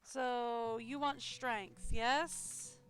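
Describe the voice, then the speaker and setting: A woman voicing a friendly tavern keeper who speaks gently and unhurriedly. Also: a little high, fairly even intonation, extremely slow, faint music behind. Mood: welcoming.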